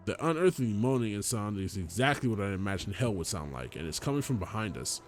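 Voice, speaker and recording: A man's voice: lowish voice, big pitch swings, fast, hardly any pauses. A young man hosting a gaming video, reading a visual novel aloud in a casual way, swearing and joking as he goes.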